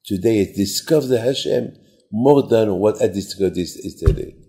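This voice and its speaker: A man voicing a humble older sage rabbi who answers his host quietly and patiently. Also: lowish voice, normal speed, close to an everyday voice. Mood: teaching.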